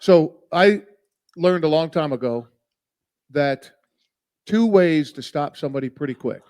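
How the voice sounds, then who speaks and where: A man's voice: fairly high pitch, measured pace. Blunt, profane man telling a story. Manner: animated, blunt and profane, acts out quotes. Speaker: podcast guest. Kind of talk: casual storytelling.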